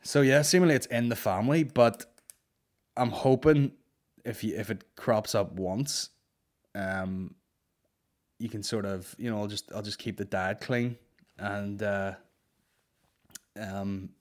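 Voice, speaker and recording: A man's voice: on the low side, slow pace, long pauses. Sweary man telling stories. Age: 30s. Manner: swears a lot, rambling, animated. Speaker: podcast host. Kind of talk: casual comedic storytelling.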